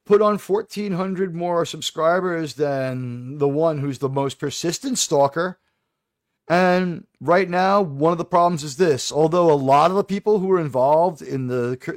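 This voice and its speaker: A man's voice: fairly high pitch, no echo, studio quality. A man hosting a casual livestream chat, rambling and digressive with sudden aggrieved outbursts. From New York.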